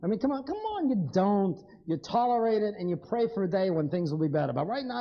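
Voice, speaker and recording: Man, live lecture, blunt, wry, animated pitch, dull lo-fi sound. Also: fast, few pauses. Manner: blunt, wry, addresses the audience directly.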